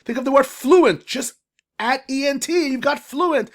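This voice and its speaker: A reading coach giving a screen-share phonics lesson to parents, enthusiastic and emphatic, drawing syllables out slowly and coaxing listeners with direct questions. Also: high voice.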